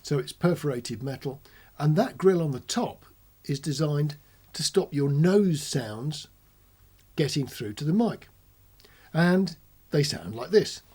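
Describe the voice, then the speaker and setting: A man hosting an informal technical explainer, chatty, switching between quiet talk and loud shouting into a close commentary mic. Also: fairly high pitch, expressive, slow pace, husky. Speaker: host demonstrating audio gear. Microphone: close ribbon commentary mic.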